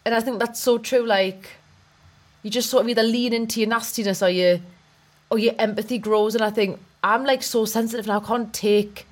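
A young woman talks in a loose, rambling way, often circling back and laughing between thoughts. Her voice sits a little higher than most. It sounds like easygoing podcast chat. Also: steady tone, fairly quick. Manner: chatty and rambling, with frequent restarts and laughter. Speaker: comedian and podcast co-host. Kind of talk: casual chat.

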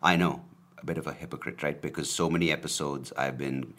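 Very deep-voiced man in his thirties hosting a podcast. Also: fairly even intonation, a little fast, a bit bright. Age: 30s. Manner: rambling, swears casually, many fillers. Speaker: podcast host. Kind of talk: casual solo podcast talk. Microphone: camera and podcast mic.

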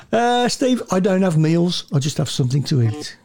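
A man chatting on a football podcast, jokey and quick to laugh. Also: fairly high pitch, creaky, darkish tone. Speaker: podcast co-host. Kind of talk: casual chat.

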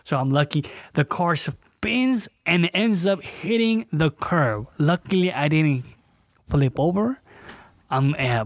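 A young man spins a story for his podcast, full of acted-out quotes and casual fillers. His voice sits a little on the high side. The sound is close and dry, with no room around it. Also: no room sound. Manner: animated, acts out quotes with fillers. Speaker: podcast co-host.

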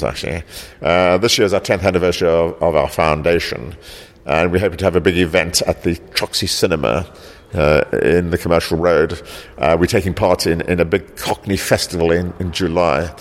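Here a low-voiced South African-born man, who set up a local heritage group, responds to interview questions. His delivery is halting and repetitive, with "actually" often tacked onto the end.

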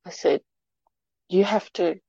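A middle-aged woman telling a personal story in an interview, halting and repeating words as she goes. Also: lowish voice, creaky, mellow, slightly rough, no echo, lo-fi sound. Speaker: interview guest.

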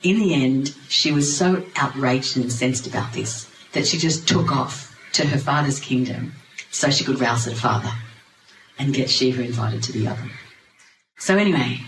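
A storyteller recounting a sacred tale to a gathering with wry, animated asides. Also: mid-range voice. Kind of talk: lively spiritual storytelling to a group. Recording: roomy, noisy ambience.

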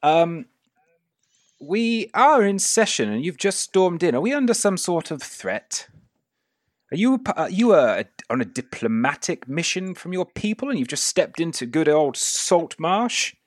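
A man voicing a fussy older gentleman dandy who talks formally and stammers. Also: on the high side, very animated, measured pace, no room sound, clean studio sound, pitched above the performer's own voice. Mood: fretful. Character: fussy older male dandy with hat and beard.

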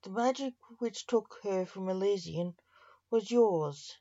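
A woman's voice: mid-range voice, slow pace, dark tone, no echo. A woman reading as a grieving widower. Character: grieving widowed man, reaper king. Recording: dull lo-fi dry recording.

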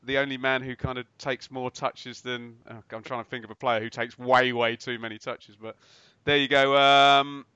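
A man with a bright, smooth voice hosts a casual football podcast, running through match highlights with a joking touch. The recording is dry and a little dull. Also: little pitch movement, normal speed, no room sound.

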